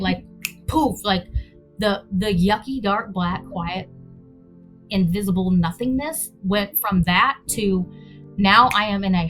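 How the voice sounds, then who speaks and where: As an interview guest, a woman recounts something personal in a fairly bright, mid-range voice. Her telling wanders as she hunts for the right words and performs how she reacted.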